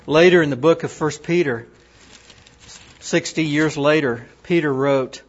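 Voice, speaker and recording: A man's voice: fairly high pitch, expressive, breathy edge. A middle-aged man in ministry giving an earnest sermon-style talk, reading scripture and verse aloud. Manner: earnest, reads scripture and poems aloud with pauses. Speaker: ministry worker. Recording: dull lo-fi recording.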